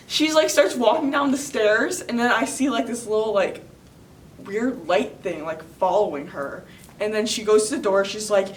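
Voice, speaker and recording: A woman's voice: mid-range voice, moderate pace. A teenage girl from Florida casually telling a personal story, chatty and full of filler words. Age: teens. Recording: roomy sound from a distant mic, faint noise.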